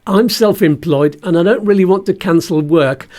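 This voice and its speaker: A man's voice: high-pitched, normal speed, darkish tone. A man talking in a casual personal vlog, chatty and jokey as he shares health news with his viewers. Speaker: vlogger and musician.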